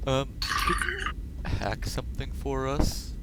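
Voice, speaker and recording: A man's voice: medium pitch, wildly swooping pitch, takes it slowly, heavy background noise. A man playing a tabletop game, making laid-back joking remarks. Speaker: player.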